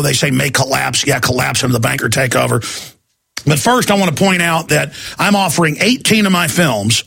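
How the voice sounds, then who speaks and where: Gravelly, heated talk radio host. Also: male voice, medium pitch, a bit bright, dry recording. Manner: heated, mocking, mimics voices. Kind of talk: ranting talk radio monologue.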